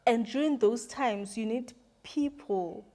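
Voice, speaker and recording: A young woman, sharing a painful personal story to camera in an earnest, reflective way, pausing and repeating herself. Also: on the high side, mellow. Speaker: vlogger. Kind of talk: emotional storytime chat to camera.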